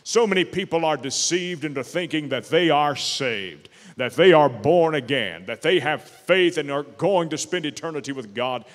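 A man preaching a sermon as pastor, emphatic and slowing down to stress key words. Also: on the high side, expressive, big-room sound. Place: church sanctuary.

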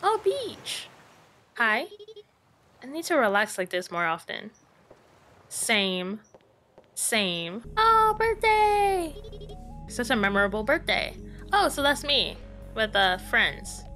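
A woman's voice: mid-range voice, animated, slow pace, pauses often, pushed and bright, faint music behind. A young woman giving jumpy, chatty commentary while playing a horror game, talking to herself and laughing at the scares. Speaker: gaming YouTuber.

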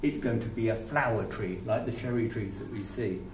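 A man preaching a sermon and leading a prayer, reflective and halting, often restarting his sentences. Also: lowish voice. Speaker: pastor. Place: church hall. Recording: echoey hall from far off, faint noise.

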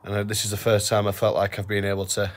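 A man vlogging to camera while ill, talking quietly and apologetically. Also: lowish voice, monotone, fast. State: ill and weak. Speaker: hiking vlogger. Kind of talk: casual vlog to camera.

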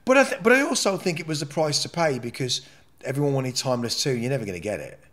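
A man's voice: medium pitch, lively intonation, quick pace, fairly bright tone. A man speaking as a podcast guest, telling a personal story in a candid, blunt and emotional way, with frequent swearing and rambling asides.

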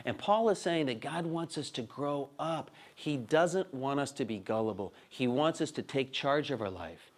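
A man in his thirties giving a humorous teaching talk, telling animated, self-mocking stories about his kids. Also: mid-range voice, normal speed, few pauses. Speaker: speaker.

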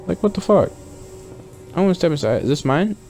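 A man's voice: high voice, very animated, fairly quick, a little mellow, faint music behind. A young man casually commentating a video game he is playing, joking and swearing as he reacts. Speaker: gaming YouTuber. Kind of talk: casual let's-play commentary.

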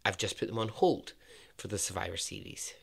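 A Scottish man hosting a podcast, narrating a true story in a chatty way with jokey asides and a lowered voice for emphasis. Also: fairly even intonation, fairly quick, vocal fry, breathy edge. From Scotland. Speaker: podcast host.

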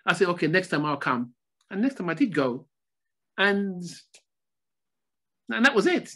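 An older man from Nigeria, a former footballer, telling stories as a podcast guest in a relaxed chat, often repeating his phrases. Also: high voice, unhurried. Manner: repeats phrases, animated storytelling. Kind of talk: casual storytelling interview.

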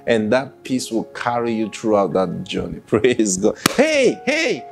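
A pastor preaches at an unhurried pace. He acts out quotes and laughs between points. Soft music plays faintly behind him. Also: on the low side, vocal fry. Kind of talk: sermon.

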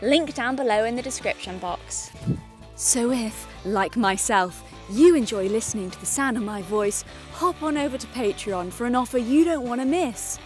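A woman's voice: fairly high pitch, expressive, normal speed, soft background music. Chatty opinionated woman vlogger. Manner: chatty, opinionated, frequent ums. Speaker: commentary vlogger. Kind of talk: casual commentary.

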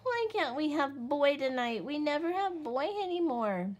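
A woman voicing a picky young male wolf cub who whines and complains about his dinner in a high, strained voice. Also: sing-song, normal speed. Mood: pleading.

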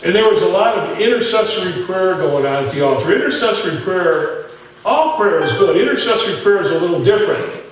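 A man's voice: high voice, expressive, a little fast, heavy reverb, distant mic, a little hiss or hum, low-quality recording. A man preaching a sermon as pastor, telling stories in a folksy way and talking straight to his folks in the pews. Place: church sanctuary.

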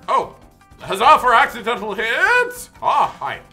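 Excitable young man yelling over gameplay. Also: high-pitched, normal speed, soft background music. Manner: excitable, yelps and shouts at the game. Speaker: gaming video host. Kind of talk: gameplay commentary.

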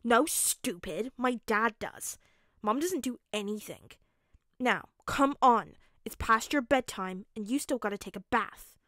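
Woman putting on a brash little boy who scolds and bosses everyone around, loud and gruff, in a fanfic audiobook. the reading is dry and close up. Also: fairly high pitch, expressive, a little slow, no echo. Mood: bossy. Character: de-aged little boy, grumpy, bossy and brash.

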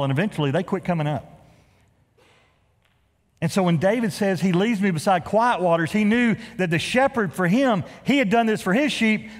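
A middle-aged male pastor preaches with a lively, up-and-down delivery, punching some words loudly and dropping others to a hush. His folksy asides have a joking edge. The sound carries the long echo of a large church sanctuary. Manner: animated preaching, swings from loud emphasis to hushed lows. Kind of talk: sermon. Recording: reverberant church hall.

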